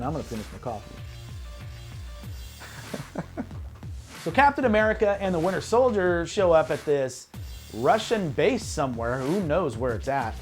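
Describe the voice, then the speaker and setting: A man hosting a casual movie review show, retelling the plot in a loose, heavily profane way. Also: sits high. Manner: heavy swearing, loose storytelling. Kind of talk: casual spoiler recap and review.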